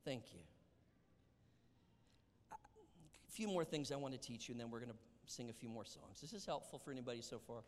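A man preaching a sermon, animated, acting out Bible dialogue and dropping to whispers. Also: medium pitch, normal speed, long pauses, background noise. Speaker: pastor. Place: church sanctuary. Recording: long hall reverb.

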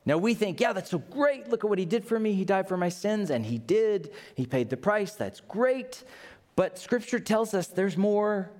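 A pastor preaches, a middle-aged man whose voice sits a little higher than most. He tells stories with energy, acting out the voices he quotes and leaping up and down in pitch. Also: moderate pace. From Tennessee, USA. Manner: lively storyteller, acts out quotes, jumps in pitch. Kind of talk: sermon.

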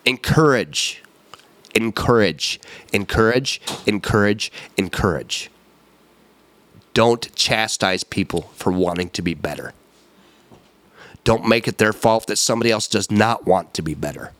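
Emphatic low-voiced man ranting solo. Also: lively intonation, measured pace, long pauses, fairly bright tone, dry recording. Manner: emphatic, repetitive, rambling with self-corrections. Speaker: podcast host. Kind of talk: solo opinion podcast rant.

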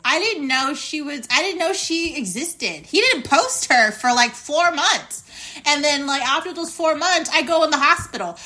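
A young woman with a bright, ringing voice that sits a little high, telling a story on her podcast. She talks bluntly and indignantly and swears freely. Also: animated, normal speed. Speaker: podcast host.

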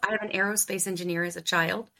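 Middle-aged woman from Ohio, sales coach guest, crisp and bright, acts out the people in her stories. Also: mid-range voice, quick pace. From Ohio, US Midwest. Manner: animated storyteller who acts out quoted dialogue. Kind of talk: casual interview storytelling.

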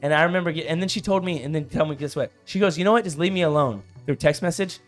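A man in his thirties co-hosting a casual podcast, telling a story in an animated way, getting loud and worked up, saying "bro" a lot. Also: on the high side, very fast, faint music behind. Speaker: podcast co-host.

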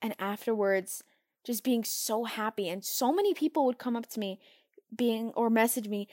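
A woman's voice: normal speed, a little mellow, no room sound, studio quality. A teenage girl hosting her own podcast, talking casually and upbeat about a recent experience. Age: teens. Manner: bubbly, upbeat, acts out quoted chats in a higher voice. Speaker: podcast host. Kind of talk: casual solo podcast talk.

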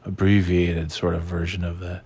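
A man's voice: low-pitched, level tone, moderate pace, a little mellow, breathy edge. A man hosting a casual chat, rambling and sarcastic, swearing freely.

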